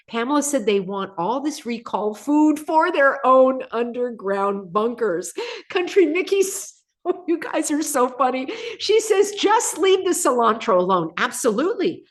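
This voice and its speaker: A woman's voice: fairly high pitch, sing-song, moderate pace. Chatty woman host reading viewer comments. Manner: chatty, laughs often, reads viewer comments aloud. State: slightly under the weather. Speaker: channel host. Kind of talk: casual live-stream chat.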